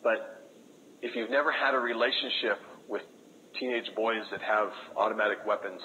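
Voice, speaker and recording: A man speaking as a missionary, telling a story to an audience in an earnest way, with lots of halting restarts. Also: lowish voice, bright, forceful tone, highs cut off, slight background noise. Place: room with a live audience.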